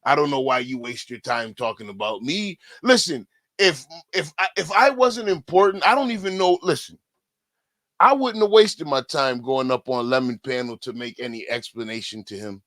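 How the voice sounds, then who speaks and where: A man's voice: mid-range voice, moderate pace, a bit bright, no echo. A man giving profane, rambling live-stream commentary, often breaking off to say "listen". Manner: profane, repetitive, keeps saying "listen".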